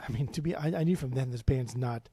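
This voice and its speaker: Blunt, sweary man with a dark tone. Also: medium pitch, fast talker, husky, dry recording. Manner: blunt, swears freely, stammering restarts. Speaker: podcast co-host. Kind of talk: casual music podcast chat.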